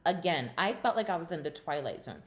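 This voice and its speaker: A woman's voice: on the low side, expressive, fairly quick. A woman hosting a casual reality TV recap, chatty and opinionated, with lots of fillers and sassy asides.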